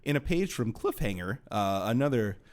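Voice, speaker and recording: A man's voice: medium pitch, very animated, moderate pace. A man co-hosting a movie podcast, riffing sarcastically in casual chat. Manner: wry, sarcastic storytelling with mock impressions. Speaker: podcast co-host.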